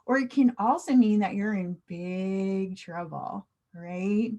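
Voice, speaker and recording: An American woman teaching English slang in an online class. She speaks clearly and asks the viewer questions. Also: mid-range voice, takes it slowly, mellow.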